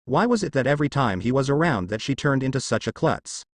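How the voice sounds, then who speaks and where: A man narrating a fan fiction story in a plain, steady storytelling manner. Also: mid-range voice, fast, no room sound, studio quality.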